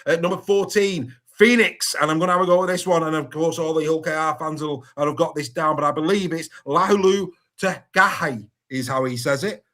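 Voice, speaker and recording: A man hosting a sports podcast in casual chat, lively and good-humoured as he stumbles over hard names. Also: fairly high pitch. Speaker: podcast host.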